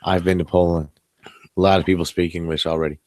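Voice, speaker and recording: A man's voice: low-pitched, flat delivery, quick pace, a little mellow, no room sound. A tired man co-hosting a casual late-night podcast chat, rambling and joking, swearing now and then. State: tired, yawning. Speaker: podcast co-host. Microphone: webcam setup.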